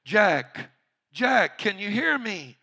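A calm, patient voice of God reassures a man from above, in a gravelly, bright tone. A preacher puts it on while telling a joke. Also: high-pitched, slow, pitched above the performer's own voice, full character voice. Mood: reassuring.

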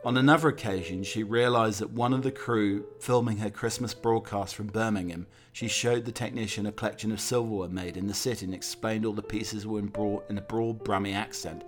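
A man reading a scripted documentary narration in a measured, anecdotal storytelling way. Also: on the low side, steady tone, faint music behind.

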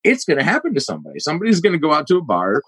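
A man's voice: on the high side, huge pitch swings, rapid-fire, fairly bright tone, breathy edge, no echo. A man co-hosting a podcast, talking casually in a rambling, chatty way with plenty of fillers. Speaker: podcast co-host.

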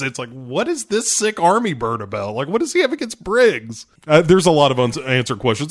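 A man co-hosting a casual movie podcast, recapping scenes with sarcasm and acting out the characters' lines. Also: medium pitch. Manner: animated, sarcastic, acts out scenes. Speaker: podcast co-host.

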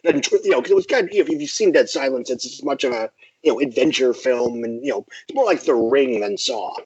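A man's voice: mid-range voice, fast talker, breathy edge, dry recording, lo-fi sound. A man from the Midwest US, a film critic, talking as a guest in a casual interview with a dry, self-deprecating manner.

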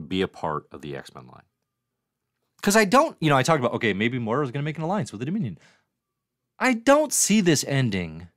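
Lively-voiced man hosting a stream. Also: medium pitch, no echo, clean studio sound. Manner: chatty, reads viewer comments aloud. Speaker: livestream host. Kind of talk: casual comics review livestream.

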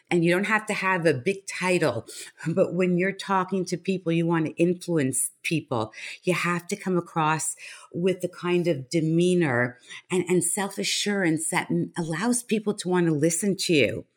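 Interview guest: woman coach, low-pitched, assured and practical, laughs easily. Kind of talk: conversational interview.

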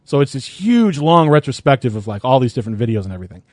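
A man's voice: mid-range voice, sing-song, quick pace, no room sound, studio quality. A man in a casual podcast chat, rambling with frequent restarts and laughter. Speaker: podcast co-host.

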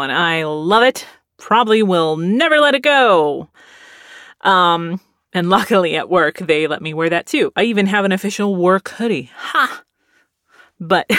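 Animated woman laughing through a story. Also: fairly low pitch, no room sound, clean studio sound. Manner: animated, laughing often, many "like" fillers. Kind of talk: casual storytelling.

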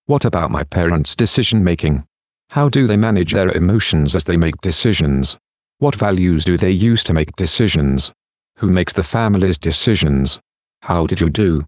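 A man hosting a podcast, reading scripted narration and reflective questions in a measured way. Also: deep voice, no room sound, studio quality.

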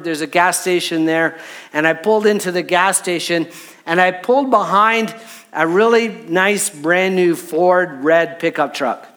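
A man's voice: sits high, fairly bright tone. A middle-aged man preaching as a pastor, telling a personal story in a conversational way and checking in with the audience. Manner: conversational, repeats "right?" to the audience.

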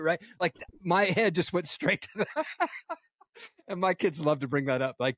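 A man's voice: a little high, expressive, moderate pace, fairly bright tone, no room sound, clean studio sound. A man in his thirties hosting a podcast over a video call, chatting casually, laughing often and calling his guest "dude". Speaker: podcast host. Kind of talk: casual chat.

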